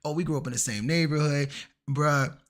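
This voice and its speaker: A man streaming a game, chatting casually and acting out the people in his stories in an animated way. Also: fairly high pitch, brisk. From Washington, DC area. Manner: animated, acts out quoted people. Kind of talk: casual storytelling while gaming.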